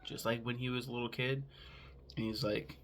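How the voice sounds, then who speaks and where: A man's voice: medium pitch, little pitch movement, normal speed, fairly bright tone, slight background noise. A man casually recapping a movie plot in a rambling way, with lots of filler words and swearing. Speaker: film podcast host.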